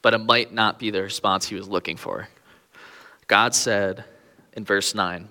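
A man's voice: lowish voice, steady tone, unhurried, long pauses, sharp tone, in a large hall. A young man preaching a sermon with earnest, pleading emphasis on key phrases.

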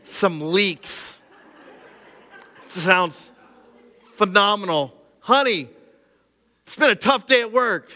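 A man's voice: high-pitched, expressive, slow pace, pauses often, pushed and bright, long reverb tail, heavily acted. A man playing an ordinary guy who dreamily craves leeks, in a mock-casual tone. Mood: dreamy. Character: lazy man craving leeks.

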